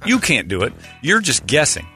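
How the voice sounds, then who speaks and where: Jokey, animated radio co-host man. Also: mid-range voice, normal speed, faint music behind. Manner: opinionated, jokey, does mock accents. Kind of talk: casual morning-show banter.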